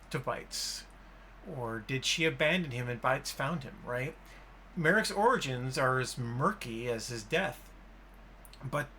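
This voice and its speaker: A man's voice: medium pitch, slight background noise. A man hosting a podcast, enthusiastically retelling and discussing a film in casual chat. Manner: enthusiastic, animated retelling with acted-out quotes. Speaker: podcast host.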